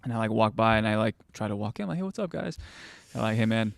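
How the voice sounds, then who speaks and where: A man's voice: lowish voice, level tone, racing, gravelly, dry recording. A young man, a goalkeeper coach and host, telling stories casually with many fillers and restarts. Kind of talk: casual conversational storytelling.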